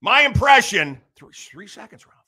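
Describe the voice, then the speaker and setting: A man's voice: sits high, sing-song, moderate pace, bright, forceful tone. A middle-aged American man hosting a show, rambling through a comic monologue and teasing his producer. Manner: joking, teasing the producer, building up a bit. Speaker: radio host.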